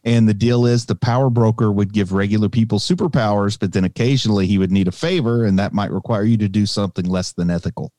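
A man's voice: fairly low pitch, fast talker, hardly any pauses, dark tone, dry recording. A man co-hosting a podcast, explaining things at length in casual chat. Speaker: podcast co-host.

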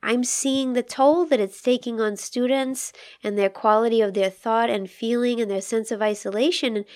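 A woman's voice: fairly high pitch, fairly even intonation, moderate pace, darkish tone. A woman co-hosting a podcast, discussing a poem in a thoughtful, questioning way. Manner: thoughtful, asks probing questions about the poem. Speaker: podcast co-host. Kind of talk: conversational literary discussion.

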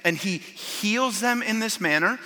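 A man preaching a sermon in a church, emphatic and swinging from loud to hushed. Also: high voice, animated, a little slow, in a large hall. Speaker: pastor.

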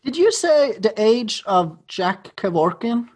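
A man's voice: sits high, big pitch swings, takes it slowly, a little mellow, slightly rough. A man co-hosting a podcast, asking dry, teasing questions in casual chat. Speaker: podcast co-host.

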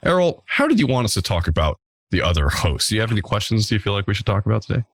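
Man, podcast host, low voice, playful and jokey, dry close sound. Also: very animated, rapid-fire, no echo. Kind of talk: casual podcast chat.

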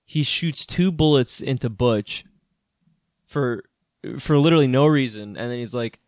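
A man talks through a movie scene by scene in loose, animated podcast chat, swearing freely and breaking into laughs. His voice sits at an ordinary pitch and is recorded close and dry, with no room sound around it. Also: measured pace, no room sound. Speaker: podcast co-host. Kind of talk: casual movie recap chat.

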